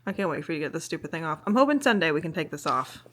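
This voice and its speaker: A woman's voice: low-pitched, big pitch swings, very fast. Tired woman vlogging late at night. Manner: rambling, drifting into soft whispers. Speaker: vlogger and streamer. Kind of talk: casual chat to camera. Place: bedroom at home. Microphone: handheld vlog camera.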